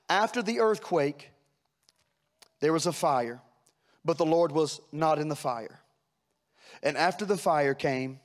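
Male preacher, high voice, dramatic sermon delivery that drops to a hush and climbs to urgent peaks. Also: unhurried, pauses often. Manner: dramatic preaching, swinging from hushed lows to loud urgent peaks; retells scripture scenes with voiced characters.

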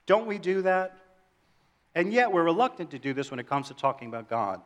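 Animated preaching man, somewhat high voice. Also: fairly quick. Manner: animated, asks the audience questions, jokes. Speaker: pastor. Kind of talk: sermon.

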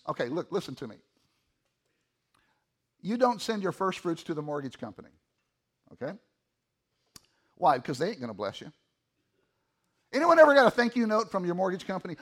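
A high-pitched middle-aged man preaching from the pulpit. His delivery is animated, jumping from loud emphasis to murmured asides as he reads and explains scripture. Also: a little fast, long pauses. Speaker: pastor. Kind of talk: sermon.

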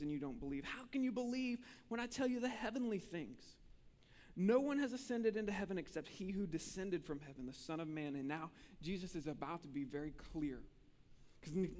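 A man's voice: high-pitched, a little mellow. A man preaching a sermon as pastor, earnest and building to emphatic peaks, often repeating words as he presses a point.

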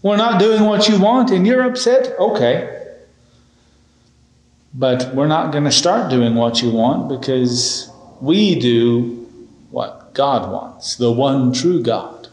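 A man voicing calm, defiant young men who firmly refuse a king within a sermon. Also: mid-range voice, slow, roomy sound, poor audio. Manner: calm, firm.

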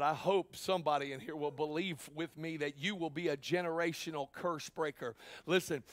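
Male pastor, high and ringing, dry close sound, fiery sermon with joking asides. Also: dry recording. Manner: impassioned preaching, rising to shouts, with joking asides. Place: church.

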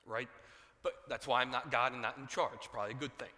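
A man preaching a sermon, telling a story with animated voices for its characters. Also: mid-range voice, brisk, big-room sound. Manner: animated storytelling, acting out dialogue. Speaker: pastor.

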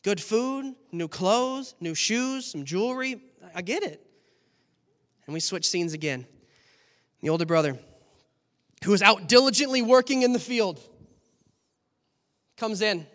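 A man preaching a sermon, telling the story in an animated way and acting out its scenes. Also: high voice, a little slow, pauses often. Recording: long hall reverb.

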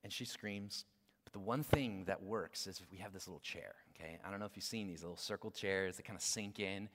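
Conversational preacher in a reverberant hall. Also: male voice, low voice, a little fast. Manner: conversational, swings from loud to hushed. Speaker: guest pastor. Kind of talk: sermon. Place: church hall. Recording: long reverb of a large hall.

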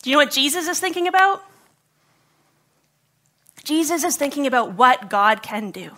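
A woman's voice: high voice, lively intonation, normal speed, pushed and bright. A woman pastor preaching a sermon to her congregation, conversational and joking, with a slightly scratchy throat. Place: church service before a congregation.

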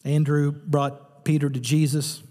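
A man preaching a sermon as pastor, telling a story with animated, lively delivery. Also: fairly high pitch, unhurried, long reverb tail.

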